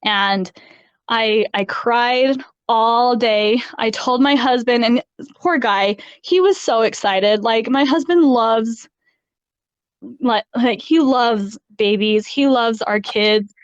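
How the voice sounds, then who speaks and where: Woman, podcast guest, fairly high smooth voice, candid and laughing, dry close-mic sound. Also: slow, no echo. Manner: candid, laughs often between phrases. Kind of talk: personal story in an interview. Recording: slightly dull dry sound.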